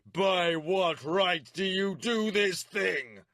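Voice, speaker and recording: A man voicing a proud, tyrannical male warlord who screams his words slowly and drawn-out. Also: high-pitched, lively intonation, pushed and bright, no room sound, studio quality, pitched above the performer's own voice, exaggerated voice. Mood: screaming rage.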